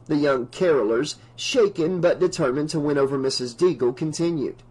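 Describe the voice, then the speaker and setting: A man narrating an unabridged novel audiobook in a steady storytelling manner. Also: a little high, normal speed, few pauses, slightly rough, low-quality recording.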